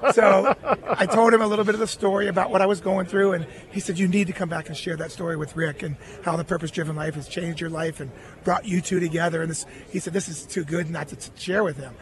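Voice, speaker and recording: High-voiced man telling an earnest story. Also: fairly even intonation, fast talker. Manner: earnest storytelling, quoting others in his own voice. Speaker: guest, former baseball catcher. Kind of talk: telling a personal story in a radio interview.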